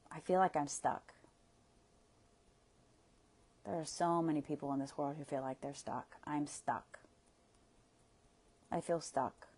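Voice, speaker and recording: Slow, low-voiced woman guiding a tapping session. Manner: slow, soothing guidance with audible sighs. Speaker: EFT tapping coach.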